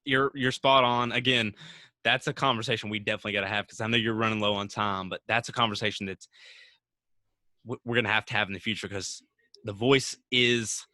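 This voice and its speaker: Forceful man hosting a podcast. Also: on the low side, fairly even intonation, fairly quick, dry recording. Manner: encouraging, upbeat, addresses listeners directly. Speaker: podcast host. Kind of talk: casual podcast conversation.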